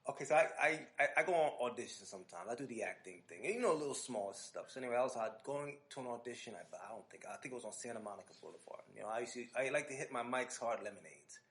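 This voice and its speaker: A man hosting a podcast, telling an animated, casual story full of restarts and asides. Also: medium pitch, racing, hardly any pauses. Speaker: podcast host.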